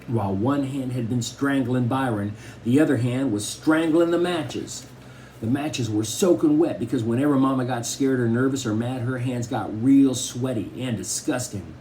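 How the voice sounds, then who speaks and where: A man's voice: medium pitch, moderate pace, slight background noise. A man reading a children's novel aloud, telling it expressively in the first person. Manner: expressive storytelling, first-person boy narrator. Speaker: audiobook reader.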